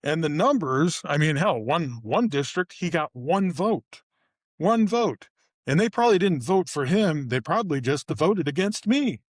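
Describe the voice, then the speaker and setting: A middle-aged man, co-hosting a podcast and ranting about local politics in a profane, animated way. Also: moderate pace, hardly any pauses, no echo, studio quality. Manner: profane, animated storytelling with sudden pitch jumps. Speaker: podcast co-host. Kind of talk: casual ranting chat. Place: studio.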